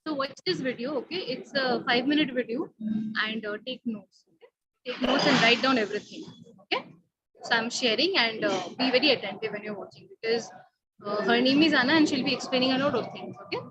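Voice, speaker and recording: A woman's voice: fairly high pitch, a little fast, long pauses, fairly bright tone, a little hiss or hum. A woman teaching an online class, checking with her students by repeatedly asking "okay?". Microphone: video call. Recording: muffled video-call audio.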